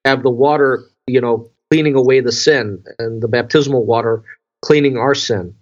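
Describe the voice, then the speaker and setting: A man co-hosting a casual religious podcast, telling stories with lively acted-out reactions and explaining scripture. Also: mid-range voice, normal speed, dull audio. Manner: animated storyteller, acts out his own surprise. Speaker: podcast co-host.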